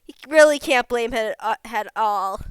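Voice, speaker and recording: A woman's voice: on the high side, moderate pace, clean tone, no room sound. A woman playing a tabletop game, casually talking about her character in the third person.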